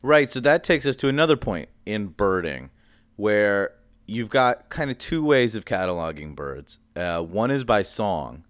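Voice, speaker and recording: A young man co-hosting a casual podcast, explaining things at length in a chatty, animated way. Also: on the low side, measured pace, dry recording. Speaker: podcast co-host. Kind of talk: casual chat.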